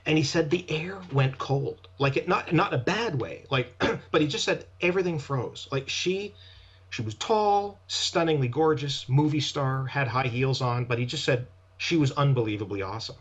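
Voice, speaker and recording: A man's voice: medium pitch, normal speed, breathy edge. A man, an actor guest, casually telling rambling anecdotes in conversation. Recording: dull lo-fi sound.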